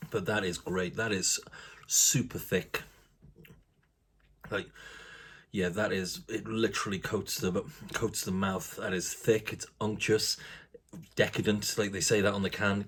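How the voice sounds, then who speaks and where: A man's voice: fairly low pitch, a bit bright, slightly rough. A man casually reviewing a craft beer, chatty and rambling, with casual swearing.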